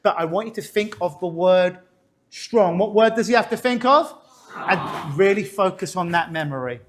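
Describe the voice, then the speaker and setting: With a high voice and a normal speaking speed, a man performing as a stage hypnotist guides and coaxes a volunteer through a live on-stage demonstration before a crowd.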